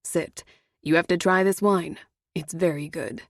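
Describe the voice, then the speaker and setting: Audiobook figure: an eager husband playing host, read by a female narrator, soft and dry. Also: on the low side, steady tone, a little slow, no room sound. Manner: eager, hospitable.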